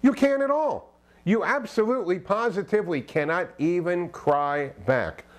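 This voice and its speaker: A man's voice: high-pitched, moderate pace. A man giving relationship advice straight to the camera as a self-help author, emphatic and preachy, firing off rhetorical questions and tagging "okay?" onto his points. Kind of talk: direct-to-camera advice monologue.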